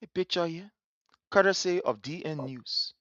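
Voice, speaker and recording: A live-stream host with a Liberian English accent talks earnestly, leaning on repeated words. The voice sits in a middle pitch. The sound is dry and slightly muffled. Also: moderate pace, fairly bright tone, no room sound. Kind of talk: live-stream talk show commentary.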